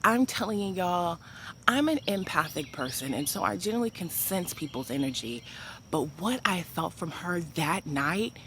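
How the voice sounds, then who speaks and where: A woman vlogger telling a personal story to camera in an animated, chatty way, full of "like" and speaking to viewers as "y'all.". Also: fairly low pitch, normal speed, slight background noise.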